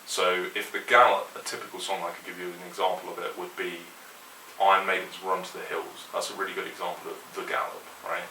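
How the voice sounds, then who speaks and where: Man, guitar teacher, very low voice, bright tone, echoey room, distant mic with faint hiss. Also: brisk. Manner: relaxed, opinionated, counts along to the click. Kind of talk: instructional explanation.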